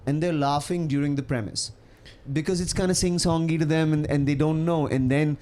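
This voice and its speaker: A man with an Indian accent, a comedian chatting as a podcast guest, animated and quick to laugh. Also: on the high side. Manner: animated storyteller, laughs often, many restarts. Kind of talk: casual podcast chat.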